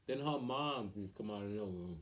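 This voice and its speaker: A man's voice: fairly low pitch, animated, moderate pace. A young man, a vlogger, casually telling a story during a mukbang in a laid-back, slangy way.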